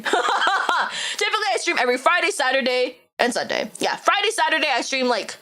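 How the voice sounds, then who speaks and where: A woman's voice: high voice, very animated, sharp tone. A woman streamer chatting casually with her viewers while playing a game, giggly and rambling. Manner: giggly, rambling, quick restarts. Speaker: streamer and VTuber. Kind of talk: casual live-stream chat.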